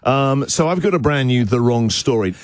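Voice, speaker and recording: A man hosting a radio breakfast show, telling stories in a chatty, jokey way that gets animated as he goes. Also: mid-range voice, normal speed, crowd noise. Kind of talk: casual radio banter and storytelling. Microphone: studio microphone.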